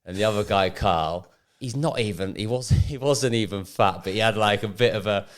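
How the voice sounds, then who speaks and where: Deep-voiced middle-aged man telling anecdotes. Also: normal speed. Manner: animated anecdote teller, laughs through stories. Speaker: podcast co-host, former footballer. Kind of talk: casual podcast chat.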